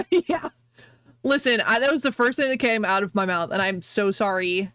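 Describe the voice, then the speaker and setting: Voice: medium pitch, fairly quick, sharp tone, clean tone, dry recording, studio quality. A game streamer chatting casually to viewers while playing, laughing often and apologizing a lot. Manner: talks to chat, reacting to the game.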